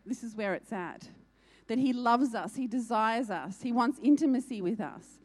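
Woman preaching with urgent repetition. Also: a little high. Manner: urgent, repeats key lines for emphasis. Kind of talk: sermon.

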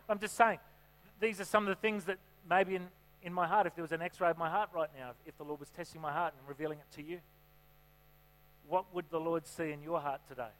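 A man's voice: on the high side, fairly bright tone. A man preaching a sermon in a church, chatty and joking, often asking the congregation questions. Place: church hall. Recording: reverberant hall with mains hum.

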